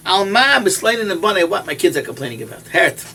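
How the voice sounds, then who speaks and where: A man's voice: fairly high pitch, animated, fast talker, vocal fry, bright, forceful tone, slightly rough. A man, a rabbi and yeshiva head, giving a sermon as emphatic storytelling that repeats key phrases.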